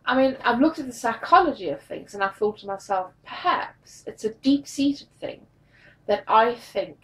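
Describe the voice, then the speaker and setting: A tired, drained woman telling a personal story in a confessional vlog, halting and repeating her words. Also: fairly high pitch, expressive, a bit bright, recorded from a distance, poor audio. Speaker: vlogger.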